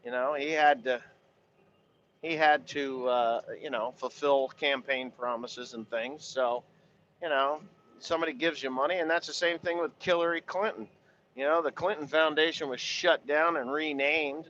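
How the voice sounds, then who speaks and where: Guy farmer venting, swears a lot, says you know every other line, kinda high voice, muffled recording. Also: steady tone, moderate pace, a bit bright, slight background noise. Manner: blunt and profane, full of "you know" fillers. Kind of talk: casual rambling monologue.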